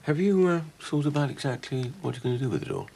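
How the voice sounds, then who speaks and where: A gravelly, polite businessman. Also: mid-range voice, animated, fast, dark tone. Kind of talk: soap opera acting.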